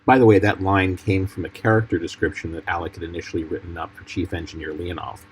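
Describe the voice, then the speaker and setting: A film editor walks through his cuts in a measured, explanatory tone. His voice is very deep and husky. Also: steady tone, low-quality recording. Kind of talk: commentary over film clips.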